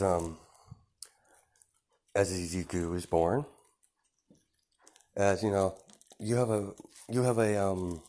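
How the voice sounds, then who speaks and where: A man's voice: sits low, a little mellow. A man improvising a fan-fiction story aloud, rambling casually with lots of fillers.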